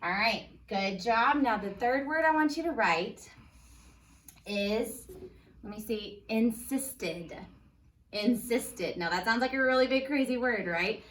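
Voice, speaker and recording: Patient first grade teacher, woman, slow clear phonics, slightly distant mic. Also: on the high side, expressive, fairly bright tone, a little hiss or hum. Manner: upbeat, patient, sounds words out slowly. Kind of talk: phonics lesson for young children.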